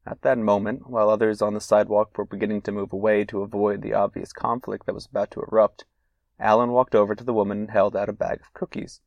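A man's voice: on the low side, level tone, quick pace, creaky, no room sound, muffled recording. A man hosting a solo podcast, reading old letters and anecdotes aloud with casual asides and fillers. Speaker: podcast host.

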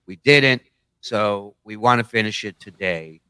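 A man's voice: on the low side, a little slow, pushed and bright, clean tone, dry recording. A man hosting a podcast, joking crudely and laughing often with his co-hosts. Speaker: podcast host. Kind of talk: casual crude banter.

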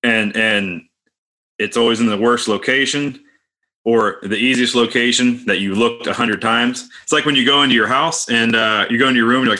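A man's voice: mid-range voice, steady tone, normal speed, pushed and bright. A man in casual podcast chat, talking bluntly and swearing freely.

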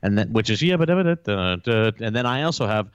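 A man's voice: fairly low pitch, animated, unhurried, smooth, no echo, dull audio. A man co-hosting a podcast, bantering and joking, often laughing along. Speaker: podcast co-host. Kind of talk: casual banter.

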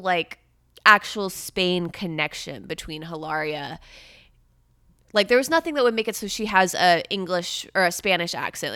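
A woman's voice: mid-range voice, pushed and bright, clear, resonant tone, no room sound, clean studio sound. A young adult woman hosting a podcast, talking in a casual chatty way, full of "like" fillers. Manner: chatty, filler-heavy with frequent "like". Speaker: podcast host. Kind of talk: casual chat.

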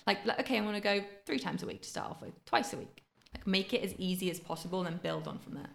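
A woman, a fitness coach giving quick practical advice in casual podcast chat. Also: mid-range voice, gravelly. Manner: fast, practical advice with many fillers.

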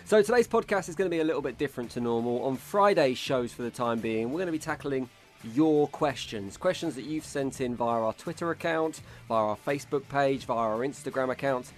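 A man's voice: medium pitch, fairly quick, faint music behind. Chatty man hosting a podcast. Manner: chatty, laughs often. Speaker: podcast host. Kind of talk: casual football podcast chat.

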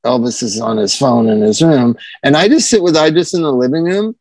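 A man in his thirties chatting casually as a podcast co-host, animated and swearing as he tells a story. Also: medium pitch, fairly quick, no echo. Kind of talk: casual chat.

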